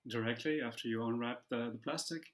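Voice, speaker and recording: A man's voice: mid-range voice, fairly quick, fairly bright tone. A man speaking as an author guest on a podcast, talking casually and hesitantly with frequent fillers. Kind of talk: casual interview chat.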